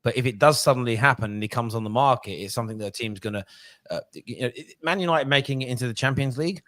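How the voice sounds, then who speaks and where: A man's voice: mid-range voice, a bit bright, no room sound. Ranting, sweary man on a podcast. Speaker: podcast host. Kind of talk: casual football podcast chat.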